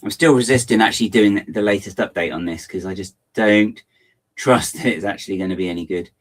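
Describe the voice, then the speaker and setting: Fairly quick and lowish in pitch, a man chats casually with his livestream audience while building LEGO. He rambles and mutters to himself with playful asides, and his throat seems to be bothering him.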